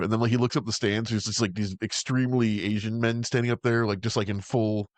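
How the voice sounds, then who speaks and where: A man co-hosting a casual movie-review podcast, rambling quickly with lots of "like" and "yeah" and frequent swearing. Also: fairly low pitch, fairly even intonation, no room sound. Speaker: podcast co-host.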